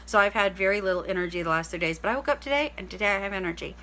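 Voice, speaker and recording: A middle-aged woman, chatting casually to camera in a rambling, excited way, full of "like" and "literally" and greeting viewers by name. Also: mid-range voice, rapid-fire. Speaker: vlogger.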